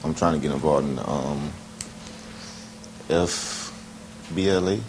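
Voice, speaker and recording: A teenage boy with a very deep voice, answering questions in brief, shy replies. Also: measured pace, background noise. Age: teens. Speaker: student interviewee.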